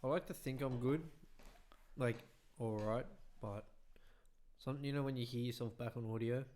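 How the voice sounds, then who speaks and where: A young man chats on a podcast in an easy, laid-back way. He laughs often and swears casually, and his voice sits at a middling pitch. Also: fairly even intonation, normal speed, a little mellow. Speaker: podcast co-host. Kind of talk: casual chat.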